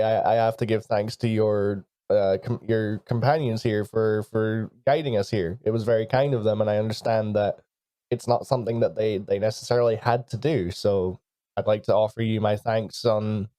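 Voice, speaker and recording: A man playing a tabletop game, speaking politely and haltingly, with frequent restarts. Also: fairly low pitch, fairly even intonation, warm tone, dry recording, studio quality. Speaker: player.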